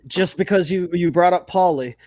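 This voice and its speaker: A man co-hosting a casual podcast, ranting excitedly with lots of swearing. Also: high voice, normal speed, a little hiss or hum. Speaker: podcast co-host. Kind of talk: casual chat.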